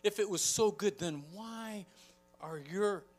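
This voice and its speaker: A man preaching a sermon in a church, telling a story with lively energy and acting out the people in it. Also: high voice, slow pace, faint music behind. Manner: animated storytelling, acting out shouts. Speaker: pastor.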